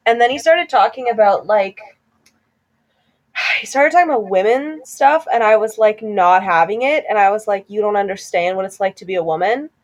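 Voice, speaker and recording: A woman's voice: medium pitch, normal speed. A young woman casually chatting with a friend, jumping in to add to the story and quoting people. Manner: chatty, quotes people, chimes in with laughs.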